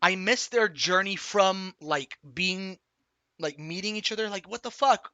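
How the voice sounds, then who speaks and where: A man streaming, recapping a film in an excited, rambling way, swearing often and restarting sentences. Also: sits high, measured pace, clean tone, no echo. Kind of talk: excited casual movie recap.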